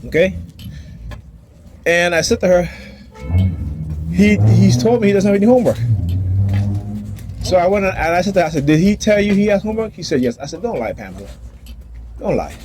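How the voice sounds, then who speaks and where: A man's voice: sits high, expressive, fairly quick, long pauses, darkish tone. A father filming himself outdoors, ranting about his family and acting out the arguments in voices. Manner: agitated, repetitive, acts out quoted dialogue. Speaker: father vlogger. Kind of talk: ranting personal vlog. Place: outdoors near a building and street traffic.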